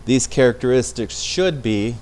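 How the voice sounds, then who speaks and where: A man's voice: mid-range voice, expressive, moderate pace, a little mellow. A man teaching an informal Bible study in a conversational way, often restarting phrases and checking in with his listeners. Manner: conversational, with frequent restarts and tag questions.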